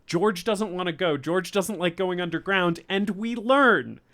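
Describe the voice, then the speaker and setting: A man with a slightly raised pitch, co-hosting a casual movie podcast. He recaps scenes in loose, profane banter and breaks into giggles easily. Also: animated, unhurried, fairly bright tone. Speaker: podcast co-host. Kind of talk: casual movie-review chat.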